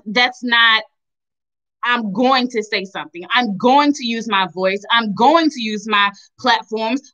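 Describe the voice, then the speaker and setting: A woman's voice: a little high, sharp tone, dull audio. A young woman from Tennessee giving impassioned commentary, emphatic and repeating phrases for stress. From Chattanooga, Tennessee. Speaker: vlogger.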